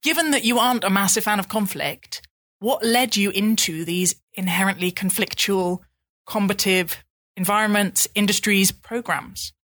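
A woman's voice: mid-range voice, normal speed, a bit bright, no echo. Dry-sounding woman asking candid questions. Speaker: podcast host and interviewer. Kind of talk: interview conversation.

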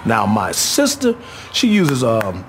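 A man's voice: on the low side, wildly swooping pitch, slow pace, soft background music, exaggerated voice. A man voicing a fussy, chatty character fixated on hand lotion, in a comedy sketch. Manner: chatty, fussy, rambling with hesitations.

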